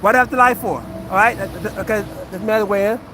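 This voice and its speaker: High-voiced man ranting sarcastically at chat. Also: fast talker, background noise. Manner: defensive, sarcastic and repetitive, addressing chat and a heckler. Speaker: livestreamer and former fighter. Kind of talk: casual livestream chat to viewers.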